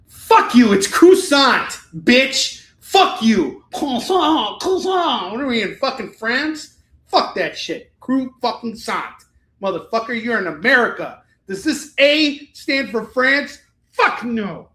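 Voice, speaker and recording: A man putting on a crude, foul-mouthed male etiquette coach who rants and swears in a shrill voice. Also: very animated, slow, bright, forceful tone, full character voice. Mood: mocking, indignant. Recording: echoey room.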